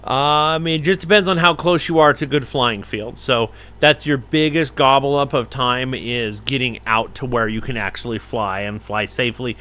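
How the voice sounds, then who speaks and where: A middle-aged man telling a story to a live-stream audience, animated and acting out the voices of the people in it. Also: medium pitch, moderate pace, hardly any pauses. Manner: animated, acts out voices in his stories. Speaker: falconer hosting a live stream. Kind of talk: casual storytelling.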